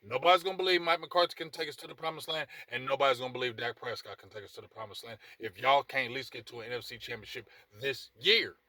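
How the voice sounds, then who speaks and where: A man's voice: medium pitch, quick pace, few pauses, bright, forceful tone, dry recording. Passionate, emphatic sports talk man. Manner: passionate, emphatic, repetitive, addresses people directly. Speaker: sports talk show host. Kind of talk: casual sports commentary monologue.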